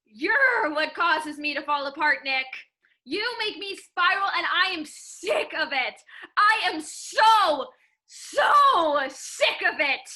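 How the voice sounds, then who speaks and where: A woman's voice: sits high, animated, measured pace, pushed and bright, full character voice. A young woman playing a woman firmly breaking up with her boyfriend in a stage play. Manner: firm, cold, resolute. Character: young woman ending a relationship.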